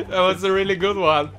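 A young man hosting a casual gaming video, giggling constantly and excitable. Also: high voice. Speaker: gaming channel host.

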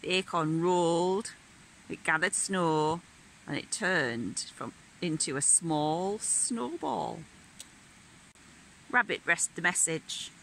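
A woman telling a picture-book story to young children with a gentle, sing-song lilt. She reads at a slow, easy pace. Her voice is bright and clear. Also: lowish voice, lively intonation, a little hiss or hum, low-quality recording. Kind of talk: reading a picture book aloud.

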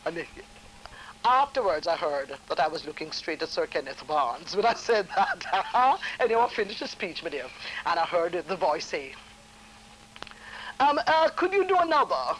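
A woman with a Jamaican accent telling a lively anecdote, laughing often and acting out the voices of the people in it. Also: lowish voice, moderate pace, a little hiss or hum, rough recording. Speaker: storyteller.

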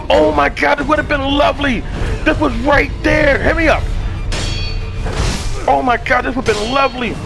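A man, hosting a gaming channel and yelling, cursing and cheering through live gameplay commentary. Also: extremely high pitch, vocal fry. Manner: loud, cursing, shouting at the game.

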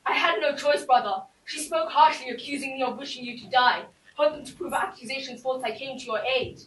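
Stage role: woman voicing a dutiful younger brother prince; earnest, high, far off in an echoing room. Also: fairly quick, fairly bright tone. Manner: earnest, soothing. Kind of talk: live stage play. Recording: echoey hall from far off.

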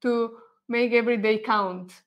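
Italian-accented woman, co-host, casual live chat, chatty, a touch high-pitched. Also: steady tone, a little slow, dull audio. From Italy. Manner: chatty, ends thoughts with a questioning "no?".

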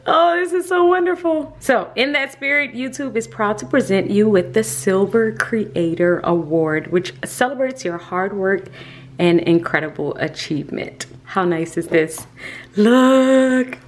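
A woman vlogging casually to the camera, excitable and gushing as she talks to her viewers. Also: mid-range voice. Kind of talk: casual vlog talk to camera. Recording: echoey room.

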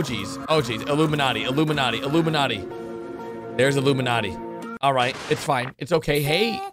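A gaming channel host gives excitable reaction commentary on a video, his voice swinging from low mutters to high yelps.

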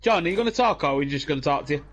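Racing along with lively intonation and a fairly high pitch, a young British gamer swaps stories with friends into a home headset. The tales ramble, the swearing is constant, and he laughs a lot.

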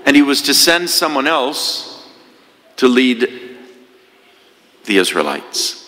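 Male priest, sermon, bright edge, big church reverb. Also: mid-range voice, very animated, slow pace. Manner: conversational preaching with rhetorical questions. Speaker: parish priest. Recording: echoey church hall.

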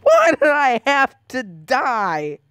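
A woman playing a scary maze game, gasping and yelling at the characters on screen. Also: high-pitched, huge pitch swings, slow, smooth, no room sound. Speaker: gamer. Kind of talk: game commentary.

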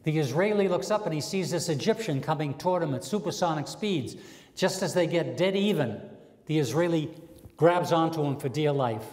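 A man's voice: on the high side, moderate pace, a little mellow. A man telling stand-up jokes, spinning stories with quoted character voices and chatty asides. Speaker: stand-up comedian. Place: community access TV stage, live audience. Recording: long hall reverb.

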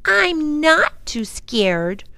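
A woman's voice: sing-song, extremely slow, gravelly, sharp tone, no room sound, exaggerated voice. A woman doing a spirited little girl. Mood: defiant. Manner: high, emphatic and insistent. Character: spirited young girl, defiant and eager.

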